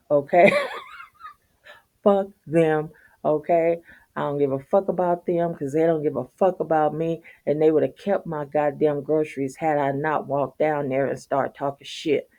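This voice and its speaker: A woman's voice: deep voice, mellow. A middle-aged woman telling a story to her channel in a blunt, profane rant, laughing often and tagging lines with "okay?". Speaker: vlogger.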